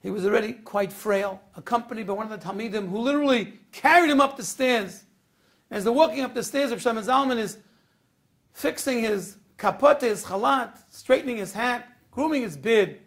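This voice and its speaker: A rabbi tells a story in a sermon, his voice very high with a gravelly rasp. He swings dramatically between hushed moments and loud, emphatic passages. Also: normal speed.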